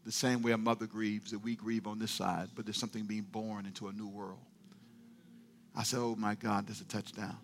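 A middle-aged male pastor preaching a sermon, moving from quiet storytelling to fervent call-and-response shouting. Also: lowish voice, level tone, a little fast, a little hiss or hum.

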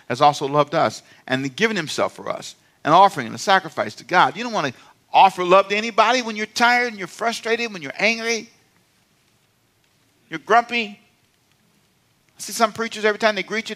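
A man's voice: high voice, pushed and bright. A middle-aged man, a pastor, preaching a sermon in a playful, conversational way and calling on the congregation to respond.

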